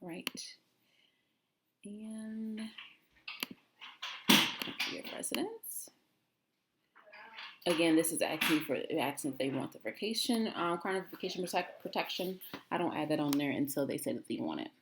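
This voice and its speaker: A woman's voice: low voice, animated, fast, very noisy. A woman in a casual screen-recorded tutorial, walking viewers through booking steps as a travel agent trainer. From United States. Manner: casual, talks to viewers as "guys". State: out of breath.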